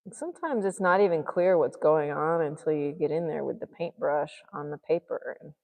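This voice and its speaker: A woman's voice: low-pitched, moderate pace, creaky, darkish tone, in a large hall. A woman artist vlogging as she paints, musing and muttering to herself and encouraging herself along. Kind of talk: thinking aloud while painting.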